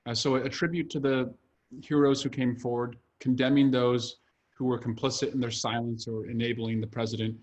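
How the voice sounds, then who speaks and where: A man in his thirties, an author and congressman, speaks earnestly and fluently in a video-call interview, using lots of "uh" fillers. His voice is medium-pitched, and the sound is lo-fi.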